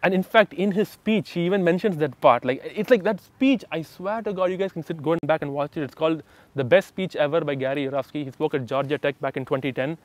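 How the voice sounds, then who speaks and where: A young man shares a long personal story in an animated, emphatic voice that sits a little high. The sound is dry and close, with no room echo. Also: brisk. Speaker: vlogger telling his story.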